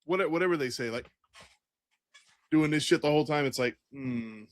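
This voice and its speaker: A man's voice: on the high side, normal speed, no echo. A man co-hosting a casual film review podcast, chiming in with short, dry remarks. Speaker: podcast co-host.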